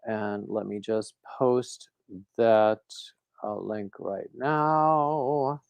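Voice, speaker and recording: Slow, smooth-voiced man chatting on a livestream. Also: lowish voice, no echo, dull audio. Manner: rambling, reads out viewer comments. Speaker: crochet livestream host. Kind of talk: casual livestream chat with viewers.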